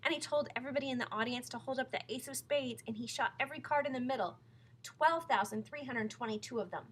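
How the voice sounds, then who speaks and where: A woman reading a children's book aloud in a lively, playful way. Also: sits high, fast, slight background noise, low-quality recording. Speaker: storyteller.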